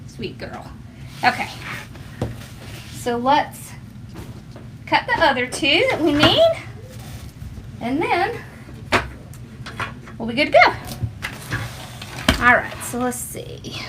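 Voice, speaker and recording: A woman's voice: sits high, big pitch swings, slow, pauses often, very noisy. A woman hosting a casual craft tutorial at home, chatty and homey, talking to her viewers and her dog. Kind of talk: casual how-to demonstration.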